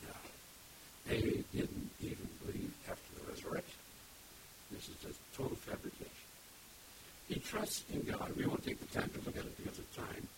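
A man preaching an expository sermon, reading scripture aloud and stopping to explain the words. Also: normal speed. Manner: emphatic, reads scripture aloud and stops to explain. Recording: loud background hiss. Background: steady hiss.

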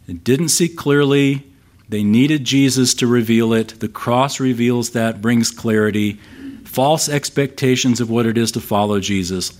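A man pastor preaching an expository sermon, emphatic and asking rhetorical questions of his listeners. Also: mid-range voice. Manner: emphatic, shifts volume for stress.

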